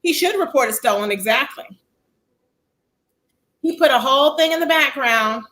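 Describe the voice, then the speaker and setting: A woman hosts her own livestream in a casual, sassy way. Her voice sits high and sounds bright and forceful. She chats freely and reads viewers' comments aloud. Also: expressive, moderate pace, rough recording. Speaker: livestream host.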